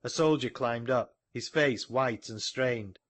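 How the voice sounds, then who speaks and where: A man reading an audiobook in a measured storytelling manner, recorded close to the mic. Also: mid-range voice, fairly bright tone, dry recording. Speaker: audiobook narrator. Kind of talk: scripted narration.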